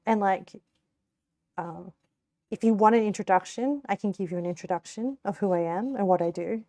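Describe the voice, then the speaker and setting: A woman's voice: medium pitch, moderate pace, warm tone, no echo. A young Australian woman streaming while she cooks, chatting casually and rambling, with frequent laughs and casual swearing. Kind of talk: casual live-stream chat while cooking.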